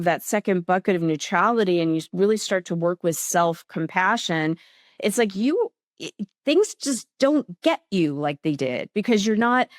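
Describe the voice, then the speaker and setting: A woman guest on a podcast, telling animated stories and acting out her own inner thoughts. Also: medium pitch, dry recording, studio quality. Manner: animated storyteller who acts out her own inner dialogue. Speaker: guest author. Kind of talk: conversational podcast interview.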